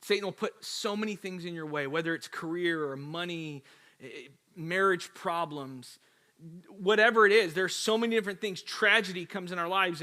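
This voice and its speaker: A male pastor preaching an energetic, emphatic sermon with storytelling. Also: sits high.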